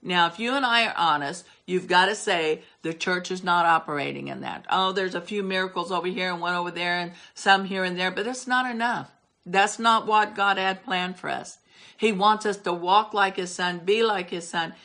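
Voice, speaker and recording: With a fairly low-pitched, sharp-toned voice at a moderate pace, an older woman delivers a sermon. She drives her points home emphatically, repeating words for stress.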